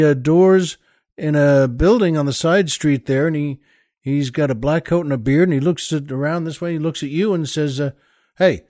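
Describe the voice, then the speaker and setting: A man's voice: fairly high pitch, a little mellow, no echo, clean studio sound. A man from the New York area hosting a show, telling jokes and stories in a rambling, chatty way with lots of asides. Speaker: podcast host. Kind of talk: comic storytelling monologue.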